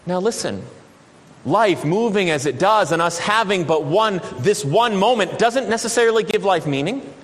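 Reflective preacher, lively pitch, echoing hall. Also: male voice. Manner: reflective, measured preaching with dramatic slow pauses. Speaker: pastor. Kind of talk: sermon.

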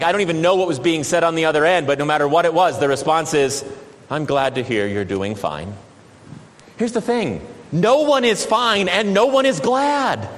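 Reflective preacher, lively pitch, echoing hall. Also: male voice. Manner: reflective, measured preaching with dramatic slow pauses. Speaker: pastor. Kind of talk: sermon.

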